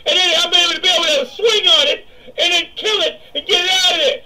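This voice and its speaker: A man commentating his gameplay, exasperated and laughing, sometimes shouting. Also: very high-pitched, fairly even intonation, fast, a crowd in the background, low-quality recording.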